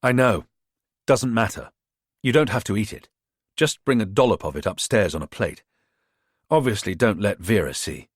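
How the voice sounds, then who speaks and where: Calm, resourceful man with a low voice, laying out a plan in short, practical sentences; a man plays him. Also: husky, no room sound, studio quality. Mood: calm, scheming. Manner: calm, brisk, matter-of-fact. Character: resourceful man, calm under pressure, plotting.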